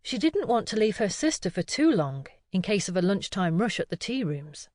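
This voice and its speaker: A woman narrating an audiobook mystery in a calm, expressive way. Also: mid-range voice, moderate pace, no room sound, clean studio sound. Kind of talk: scripted narration.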